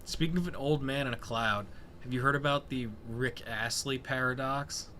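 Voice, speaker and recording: Male co-host, mid pitch, bright tone, jokey and relaxed, faint noise behind. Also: moderate pace. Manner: jokey, brings up news items. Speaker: podcast co-host. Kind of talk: casual sports chat.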